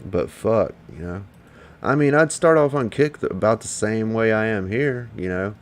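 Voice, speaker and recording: A man's voice: on the low side, normal speed. A man, streaming from home, rambles and swears as he chats casually with viewers. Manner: rambling, profane, talks back to viewers. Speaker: livestreamer. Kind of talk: casual livestream chat.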